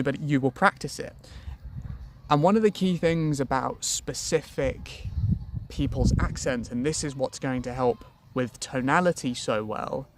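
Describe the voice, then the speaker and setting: A man giving sales-training advice to camera in a lively, colloquial, self-deprecating way. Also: fairly high pitch, slight background noise.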